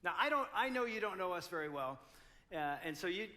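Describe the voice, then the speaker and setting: An older man in his sixties gives a conference talk, spinning an animated, self-deprecating story. His voice sits high for a man and rings bright and forward. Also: a little fast. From United States. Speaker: conference speaker. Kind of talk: storytelling talk to a live audience.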